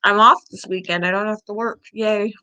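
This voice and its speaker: A bright-voiced middle-aged woman talks casually to her viewers, a little out of breath. She chats loosely and slips into a high, cooing voice when she calls her pets. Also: steady tone, fast, clear, resonant tone, rough recording. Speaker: pet channel host. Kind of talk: casual live-stream chat.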